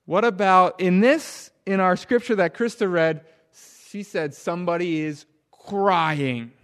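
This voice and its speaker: A man with a fairly high voice leads a children's sermon. He talks with lively swings in volume, from near shouts down to a hushed murmur. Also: unhurried, clear, resonant tone. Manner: animated, drops to a hush for emphasis. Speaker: pastor.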